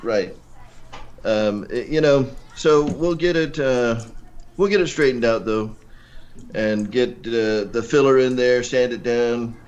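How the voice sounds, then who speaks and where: A man appearing as a guest on a casual livestream, speaking in a relaxed, matter-of-fact way as he talks through a repair plan. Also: mid-range voice, slow pace. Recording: dull lo-fi remote line.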